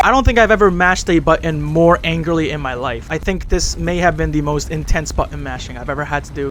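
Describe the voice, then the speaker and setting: A high-voiced male reviewer narrates with profane, exasperated rants. His voice sits high for a man, with faint game music underneath. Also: brisk, few pauses, fairly bright tone. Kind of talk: comedic video review narration.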